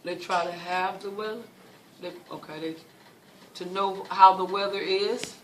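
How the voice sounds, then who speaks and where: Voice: mid-range voice, steady tone, unhurried, a bit bright. Teacher, classroom lesson, patient, repeats key words, distant mic, noisy background. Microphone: far from the mic.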